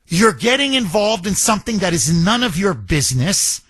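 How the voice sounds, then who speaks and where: A man's voice: sits high, very animated, moderate pace, a bit bright, no echo. A middle-aged man hosting a talk radio show, delivering an emphatic, indignant monologue with lots of repetition.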